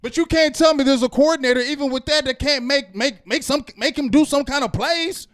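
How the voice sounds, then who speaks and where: A man hosting a fan reaction show, ranting heatedly and swinging between loud outbursts and low muttering. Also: a little fast. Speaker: host. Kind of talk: postgame fan reaction rant.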